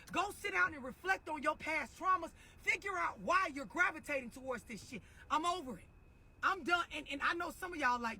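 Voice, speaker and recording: A woman's voice: high-pitched, expressive, a little fast, sharp tone. A middle-aged woman delivering a blunt, profane, mocking rant as an online commentator. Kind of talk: profane ranting monologue.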